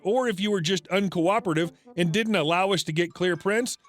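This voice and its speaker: A man's voice: sits high, fairly bright tone. A man narrating a retail story in a scripted, matter-of-fact reading. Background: faint background music.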